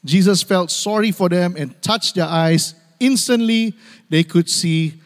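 A man's voice: high-pitched, measured pace. A man preaching a sermon to his church, calling for amens and repeating key phrases for emphasis. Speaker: pastor. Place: church sanctuary. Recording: long hall reverb.

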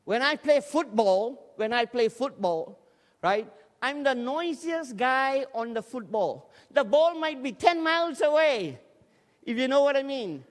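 A man preaching a lively, humorous sermon in a large church hall, joking with the congregation and urging them to respond. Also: extremely high pitch, a little slow. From Scotland. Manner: energetic, jokey, urges the crowd to respond. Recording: long hall reverb in a church.

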